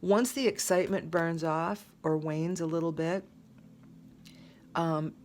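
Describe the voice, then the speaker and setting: Low-voiced woman giving a casual tarot reading. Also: steady tone, slow, a little mellow. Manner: rambling, conversational, frequent fillers and restarts. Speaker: tarot reader.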